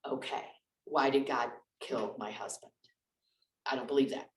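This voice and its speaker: A woman's voice: extremely low pitch, steady tone, a little slow. A woman minister giving a conversational lecture full of personal stories, candid and chatty with lots of restarts and asides. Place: church lecture room. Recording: echoey room, distant mic.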